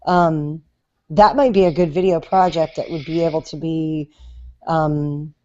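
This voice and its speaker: Woman, podcast host, casual chat, chatty, hesitant, lowish voice, muffled lo-fi audio. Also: fairly even intonation, unhurried, a little mellow. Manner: chatty, hesitant with many fillers.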